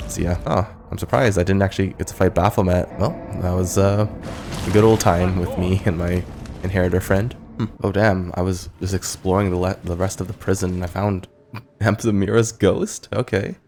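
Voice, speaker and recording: Deep, monotone man, casual game commentary, reads the text aloud. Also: normal speed, music in the background. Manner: relaxed, reads dialogue and narration aloud. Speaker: gamer.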